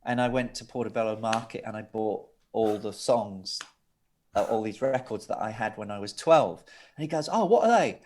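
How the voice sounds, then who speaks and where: A middle-aged man, a record producer telling laughing, lively anecdotes as an interview guest. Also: on the low side, moderate pace. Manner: lively, laughing, with restarts and asides.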